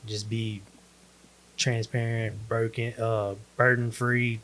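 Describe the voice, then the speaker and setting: A man's voice: mid-range voice, flat delivery, slow pace, a bit bright. A man telling his faith story as a guest in a casual chat, laid-back and acting out the lines of others. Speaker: podcast guest.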